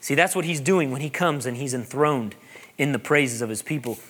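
A man, a pastor preaching a sermon, animated and joking, repeating phrases for emphasis. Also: mid-range voice, normal speed.

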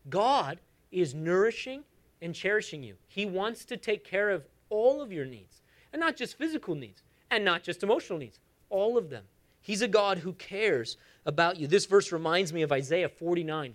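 High, lively-voiced male pastor preaching. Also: normal speed. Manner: animated, conversational preaching with asides and humor. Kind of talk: sermon.

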